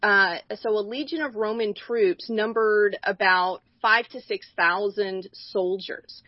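A woman's voice: mid-range voice, takes it slowly, no room sound, highs cut off. A woman co-hosting a Bible discussion, speaking earnestly and emphatically, often restarting her sentences. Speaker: co-host.

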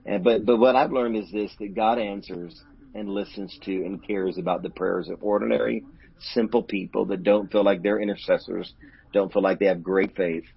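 A middle-aged male pastor with a low, gravelly, husky voice, speaking earnestly and openly about hurt in an interview. The audio is dull and lo-fi. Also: steady tone, normal speed. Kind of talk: candid personal storytelling in an interview.

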